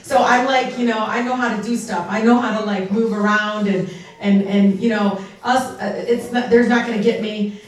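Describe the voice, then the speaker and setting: A woman whose first language is Arabic, speaking as a guest at a fundraiser in a large hall. She tells stories in an animated way and slips into Arabic now and then. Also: mid-range voice, moderate pace. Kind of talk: storytelling speech at a fundraiser. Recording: echoey hall from far off.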